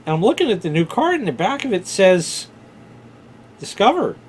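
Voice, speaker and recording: A man's voice: sits high, big pitch swings, normal speed, slightly rough. A man casually telling a rambling personal story, informal, with filler words and the odd swear. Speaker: vlogger.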